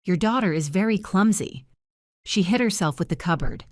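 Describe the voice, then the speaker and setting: A woman voicing a cold, contemptuous bullying man in a spoken story, with calm, measured delivery. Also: mid-range voice, no room sound, clean studio sound, close to an everyday voice.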